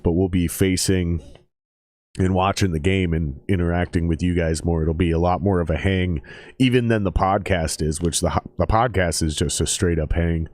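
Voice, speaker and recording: A man with a lowish voice talks loosely into a dry, close mic, swearing and joking with viewers of his stream. He breaks into excited play-by-play calls as the game unfolds. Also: no room sound. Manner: profane, loose and excitable, jumps to loud play-by-play. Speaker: streamer watching football. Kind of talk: casual live-stream watch-along chat. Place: table at home.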